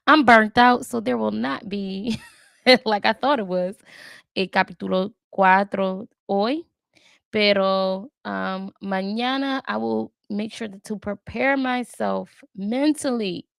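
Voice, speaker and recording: A woman vlogging her language study in casual chat, thinking aloud, talking to her viewers and trying out words carefully and haltingly. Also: medium pitch, fairly even intonation, creaky, no room sound. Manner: thinks aloud, chatty, talks to viewers as "y'all".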